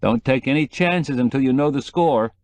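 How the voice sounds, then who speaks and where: A man's voice: medium pitch, moderate pace, darkish tone, no room sound, voice pushed up, close to an everyday voice. Blunt cautioning editor, somewhat raised voice, audiobook figure, as a man voices him, dry. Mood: wary. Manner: warning, blunt. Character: shrewd older male newspaper editor friend.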